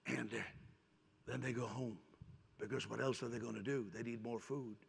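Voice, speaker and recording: A man preaching a sermon, moving between hushed storytelling and loud, emphatic passages. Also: mid-range voice, steady tone, normal speed, gravelly, slightly rough. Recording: long hall reverb.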